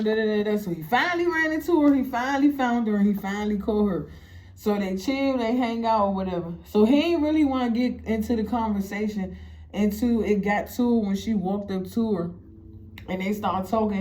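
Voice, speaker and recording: A woman telling a story casually, animated and profane, acting out the quotes. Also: on the high side, fairly quick.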